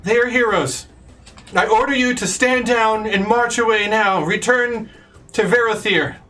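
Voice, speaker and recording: A man's voice: high voice, unhurried, sharp tone, distant mic, soft background music, voice pushed up. A man doing a commanding elf general. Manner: urgent, commanding orders. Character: Phoenix, male elf ranger general.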